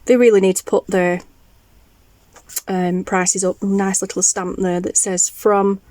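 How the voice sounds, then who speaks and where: A woman's voice: mid-range voice, level tone, a little slow, mellow, no echo, poor audio. A woman, chatting enthusiastically as she shows off a craft haul. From northern England. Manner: gushing, enthusiastic, chatty with restarts. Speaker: craft vlogger. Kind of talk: casual show-and-tell haul.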